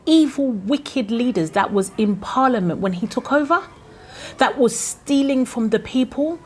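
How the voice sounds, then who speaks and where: A woman from Ghana speaks with a Ghanaian accent, pitched somewhat high. She delivers passionate commentary, firing off rhetorical questions with rising indignation. A faint ambient noise sits behind her voice. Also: a little mellow. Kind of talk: impassioned commentary.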